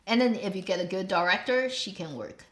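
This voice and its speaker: A woman's voice: medium pitch, lively intonation, fairly quick. A woman hosting her own show, chatting casually in a rambling way and laughing often. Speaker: host. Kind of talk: casual chat. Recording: roomy echo.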